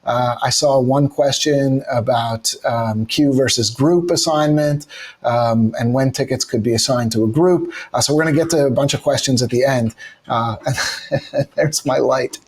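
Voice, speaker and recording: A man with a husky, slightly rough voice co-hosts a webinar from his office. He moderates in an easygoing way, with plenty of "uh" and "um" as he hands over to the next section. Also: mid-range voice, measured pace. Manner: relaxed, filler-heavy moderating.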